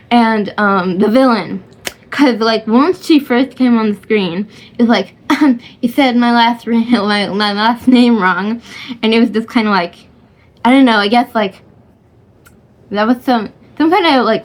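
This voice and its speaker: A woman rambling casually about a film she watched, hesitant and giggly, full of fillers and restarts. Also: a little high. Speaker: vlogger reviewing a film.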